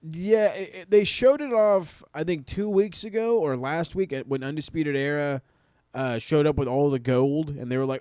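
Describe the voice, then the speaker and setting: A man's voice: on the high side, normal speed, a little mellow, clear, resonant tone, dry recording, studio quality. A man co-hosting a casual wrestling podcast, laid-back and swearing, acting out wrestlers' lines for laughs. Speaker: podcast co-host.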